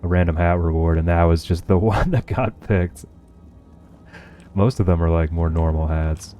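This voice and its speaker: Deep, mellow-voiced sarcastic male streamer. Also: moderate pace, faint music behind. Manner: profane, sarcastic running commentary to chat. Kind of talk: casual livestream gameplay chat.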